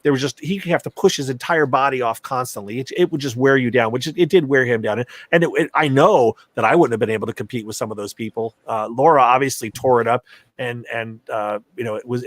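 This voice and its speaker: A man appearing as a podcast guest, speaking in a halting, thoughtful way. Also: mid-range voice, dry recording, studio quality. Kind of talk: casual chat.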